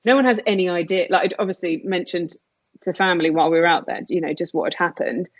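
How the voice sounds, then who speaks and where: A woman with a fairly low voice tells a personal story as a podcast guest, lifting her voice to act out what people said. The recording is dull and lo-fi, with a dry, close sound. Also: steady tone, fast talker, dry recording. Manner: earnest, re-enacts dialogue in a raised voice.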